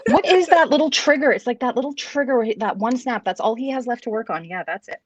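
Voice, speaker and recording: A woman's voice: on the high side, expressive, fast talker, no room sound. A woman calling in to a gossip show, candid and opinionated, with a self-mocking edge. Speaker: guest caller. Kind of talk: casual chat. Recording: dull, dry call-in audio.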